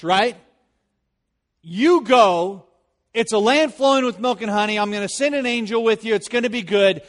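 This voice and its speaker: A man preaching a sermon, telling stories with lively, rising energy and quiet serious turns. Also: very high voice. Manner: animated storytelling, rising loud in anecdotes. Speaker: pastor. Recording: long hall reverb.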